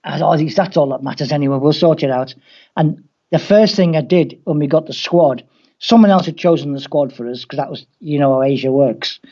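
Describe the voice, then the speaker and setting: A man's voice: on the high side, a little fast, dark tone. A man from England with a Scouse accent, a football coach telling wry stories in an interview. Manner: anecdotal, wry, acts out quoted voices. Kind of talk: storytelling interview. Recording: dull lo-fi audio.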